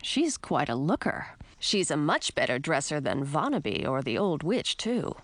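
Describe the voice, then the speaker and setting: A woman reading a storybook, voicing a young enchanted frog prince who talks in a low, gruff, hushed way. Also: sing-song, normal speed, dry recording, full character voice. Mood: teasing.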